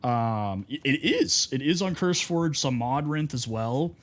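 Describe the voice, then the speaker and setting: A young male streamer from Texas chats loosely while he plays. His talk is rambling and full of fillers as he wanders between stories. His voice sits at an ordinary middle pitch. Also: expressive, unhurried. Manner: rambling storyteller, heavy on fillers. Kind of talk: casual chat while gaming.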